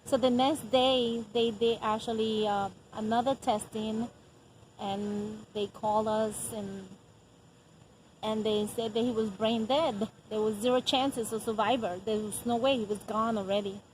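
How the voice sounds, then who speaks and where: A middle-aged woman telling a personal faith testimony as a mother, earnest and unhurried, often pausing with soft laughs. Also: on the high side, steady tone, a little hiss or hum, poor audio. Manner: earnest, frequent soft laughs and hesitant "um" pauses.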